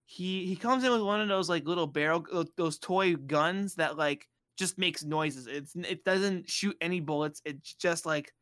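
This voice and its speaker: Bosnian guy on a podcast telling a story, kinda high voice, does silly squeaky voices, dry close mic. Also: moderate pace, few pauses, no echo. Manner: animated, acts out quoted voices in high squeals. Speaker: podcast host. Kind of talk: casual storytelling chat.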